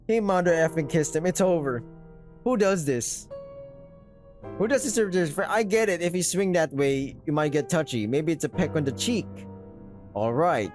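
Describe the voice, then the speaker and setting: Give me a lively, expressive man reading a game aloud, with soft music behind. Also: on the high side, moderate pace. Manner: animated, swears while reacting. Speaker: gaming video host. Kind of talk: reading a visual novel aloud with reactions.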